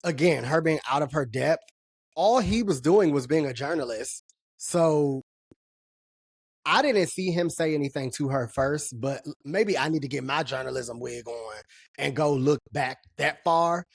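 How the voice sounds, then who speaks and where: A woman co-hosting a podcast, chatting casually about celebrity gossip in an animated, laughing way. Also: low-pitched, measured pace, husky. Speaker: podcast co-host. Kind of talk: casual pop-culture chat.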